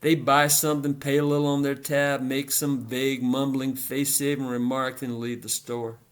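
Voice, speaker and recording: A man narrating a literary story in a rhythmic, repetitive, deliberate delivery. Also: mid-range voice, level tone.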